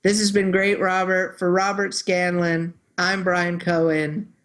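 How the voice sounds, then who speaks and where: A man hosting a book review podcast, chatting casually and joking, with relaxed restarts. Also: sits high, a little slow. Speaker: podcast host.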